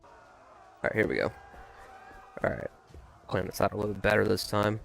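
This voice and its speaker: A man giving live commentary on a game he is streaming, frustrated and ranting in quick bursts. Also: on the low side, animated, vocal fry, soft background music.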